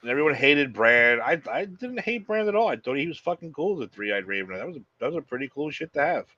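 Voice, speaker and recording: A man's voice: on the high side, quick pace, no room sound. Man, casual podcast chat, blunt, swears a lot, dull lo-fi sound, dry. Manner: blunt, profane, excitable. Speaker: podcast co-host.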